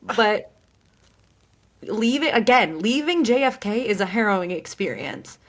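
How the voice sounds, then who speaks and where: A woman's voice: mid-range voice, very animated, unhurried. A young woman co-hosting a podcast, telling a story animatedly, laughing often and quoting the people in it. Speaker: podcast co-host. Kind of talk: casual storytelling.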